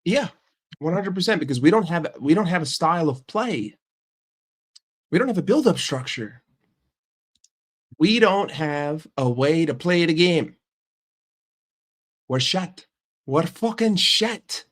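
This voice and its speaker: A man's voice: on the high side, expressive, unhurried, pauses often. American guy ranting about football, swears a lot, repeats himself for emphasis. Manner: profane, heated, emphatic repetition. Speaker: football fan commentator. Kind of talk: casual reaction rant.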